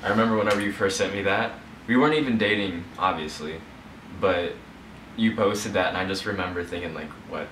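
A man's voice: low-pitched, fairly quick, roomy sound, far from the mic, noisy background. A young man reacting to his girlfriend's old video, laid-back and teasing. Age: young adult. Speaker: vlog co-host. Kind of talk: casual chat.

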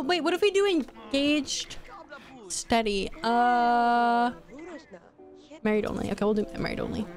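Excitable higher-voiced woman streamer. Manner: excitable, swears, quick exclamations. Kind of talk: casual gameplay commentary.

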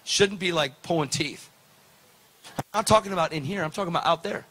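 A man preaching, telling a story with lively, preacherly delivery and acted-out dialogue. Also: on the high side, brisk. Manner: animated, preacherly, acts out dialogue. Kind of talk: sermon storytelling.

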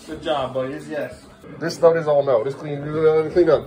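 High-voiced dad scolding at home. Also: male voice, moderate pace, a little mellow, faint music behind. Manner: firm, repetitive scolding of his kids. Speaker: father. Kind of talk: casual home vlog. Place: family home, indoors.

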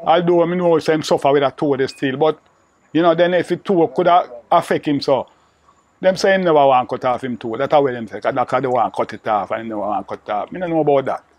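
This older Jamaican man, talking in patois at a quick pace with a medium-pitched voice, tells an interviewer a rambling story about an old friend. He repeats himself often and peppers everything with "you know."

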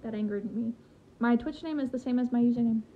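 A woman's voice: fairly high pitch, fast talker. A young woman chatting casually on a gaming livestream, reading and answering chat while she plays. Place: home in a rural area. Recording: lo-fi stream audio, faint background hiss.

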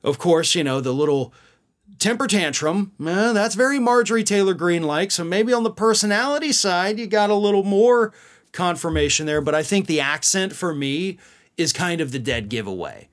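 A man's voice: high-pitched, animated, moderate pace. Casual male commentary host. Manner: conversational, musing, with fillers and asides to viewers.

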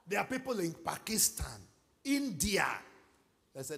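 A middle-aged Nigerian man preaching a sermon as pastor, moving from quiet asides to loud exhortation and calling for responses. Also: high-pitched, big pitch swings, unhurried, creaky, pauses often, a faint crowd, a little hiss or hum. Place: large church hall.

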